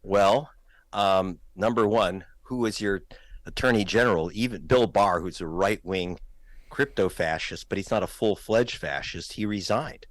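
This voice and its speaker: A man's voice: lowish voice, measured pace, dry recording. A man, a guest filmmaker, talking in a political talk show, emphatic and pointed, raising his voice to stress points.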